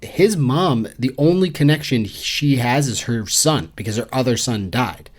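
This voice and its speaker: Brief: male podcast co-host, mid-pitched, dry sarcastic humor, book club banter. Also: expressive, measured pace. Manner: sarcastic, acts out characters in mocking quoted voices. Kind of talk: casual book club chat.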